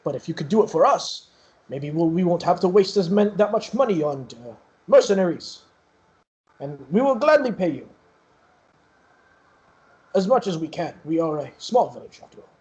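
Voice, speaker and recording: A man plays a worried village elder in a tabletop game, halting and unsure, pausing often as he asks for help. The voice stays close to his own, a fairly high male voice. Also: animated, a little mellow. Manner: hesitant, many fillers.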